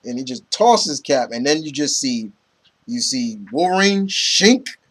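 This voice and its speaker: A man's voice: a little high, big pitch swings, measured pace, a bit bright, husky. A man casually reviewing comic books, rambling with many fillers and retelling scenes from the issues. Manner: rambling, lots of "you know" and "um"; retells scenes, quoting characters.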